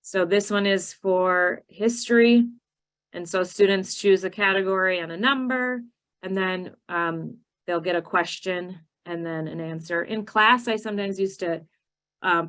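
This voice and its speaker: A woman with a Minnesotan accent, giving a teacher training session and explaining her methods, slowing down to stress key words. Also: lowish voice, a bit bright, clean tone, poor audio.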